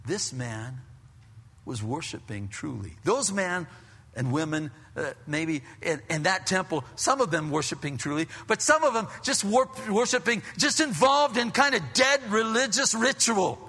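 A male preacher delivers his sermon in a high, bright voice, acting out scenes and then dropping to a hush. The sound carries a long reverb, as in a church hall. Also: a little slow, husky. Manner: animated preaching, acts out scenes, drops to hushed tones. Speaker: pastor.

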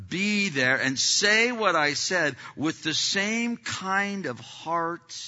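A man preaching a sermon as pastor of his church, talking conversationally and swinging between loud passages and hushed ones. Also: a little high. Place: church sanctuary. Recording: echoey hall, dull lo-fi sound.

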